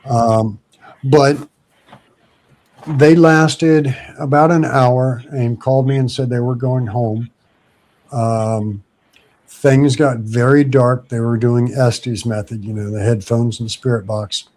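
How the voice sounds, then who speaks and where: A man tells a story in a relaxed, easygoing way and slips into the people's voices when he quotes them. His voice is mellow and dark. It sounds like casual podcast talk. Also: mid-range voice, takes it slowly. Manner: animated anecdote telling with acted quotes.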